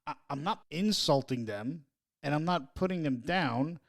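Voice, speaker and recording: A man's voice: on the high side, lively intonation, moderate pace, vocal fry. Emphatic man co-hosting a chat podcast. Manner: reads passages aloud, then argues emphatically with a laugh. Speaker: podcast co-host. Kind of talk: casual chat.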